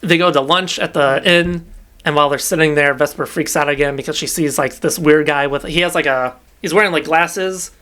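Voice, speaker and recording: A man's voice: fairly high pitch, steady tone, a little fast, pushed and bright, clear, resonant tone. A young man casually retelling a novel's plot on a podcast, rambling with lots of fillers and the odd swear. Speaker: podcast co-host recapping a novel. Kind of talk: casual chat.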